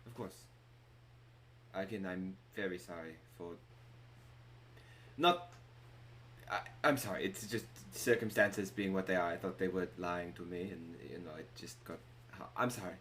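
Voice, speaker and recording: A man puts on a jittery innkeeper with a put-on accent, low in pitch and bright in tone, who stumbles over his words. A faint hum sits under the voice. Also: fairly even intonation, unhurried, pauses often. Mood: apologetic. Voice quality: rambling, stammering. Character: apologetic male innkeeper, flustered and defensive. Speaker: game master.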